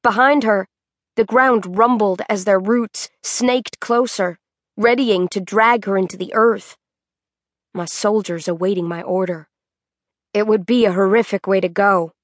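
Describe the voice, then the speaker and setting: Woman narrator, mid-range voice, measured dramatic read, dry studio sound. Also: mid-range voice, fairly even intonation, no echo. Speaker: audiobook narrator. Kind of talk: scripted audiobook narration.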